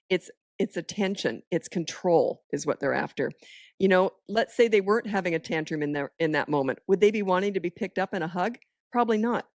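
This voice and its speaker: A woman's voice: mid-range voice, dry recording, clean studio sound. A woman talking as a parenting expert in a casual podcast chat, firm, direct and matter-of-fact.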